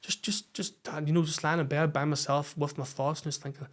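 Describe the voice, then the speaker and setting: A man's voice: a little high, level tone, a little fast. A man with a Northern Irish accent, a podcast guest telling his personal story frankly and swearing freely. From Northern Ireland.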